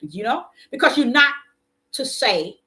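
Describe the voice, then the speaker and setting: A woman gives an impassioned sermon mixed with personal testimony, and her voice rides high and bright. She repeats key phrases for emphasis. She rises to loud declarations, then drops into hushed storytelling. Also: animated, moderate pace. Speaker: self-described prophetic preacher.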